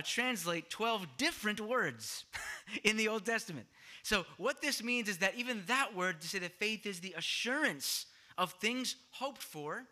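A man preaching a sermon, explaining a word study to his congregation and asking them questions as he goes. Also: high-pitched. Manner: teaching, asks the congregation questions, swings louder for emphasis. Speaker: pastor.

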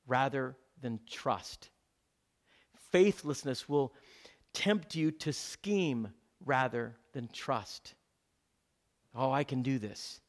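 A male pastor delivers a sermon in a slightly high voice. He presses his points with fervent exhortation, then drops to hushed, low lines, and he repeats each point slowly so his listeners can take notes. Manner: emphatic, repeats key points slowly for note-taking.

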